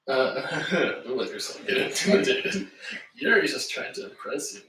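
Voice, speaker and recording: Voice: medium pitch, lively intonation, normal speed. A sweet, poised schoolgirl club president, voiced by a player. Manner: sweet, soft-spoken. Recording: roomy, far from the mic.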